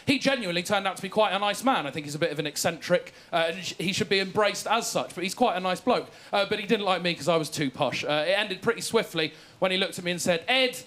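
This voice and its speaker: A man's voice: sits high, fast talker, hardly any pauses, fairly bright tone. A young man from England doing stand-up, telling self-mocking, posh stories and acting out the quotes. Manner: self-deprecating, posh storytelling with acted-out quotes. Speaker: stand-up comedian. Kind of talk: stand-up set.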